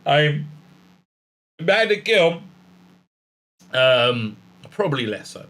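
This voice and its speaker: A sarcastic man with a bright, medium-pitched voice hosts a commentary channel, ranting casually. He mocks, often puts on silly gushing voices, reads out article passages, and uses many fillers and restarts.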